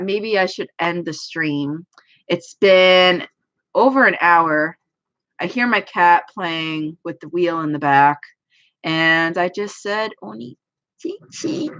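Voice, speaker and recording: Streaming from home, a young anime YouTuber talks in a loose, rambling, self-deprecating way. Her voice is mid-range with a fairly bright tone, heard through dull, lo-fi stream audio.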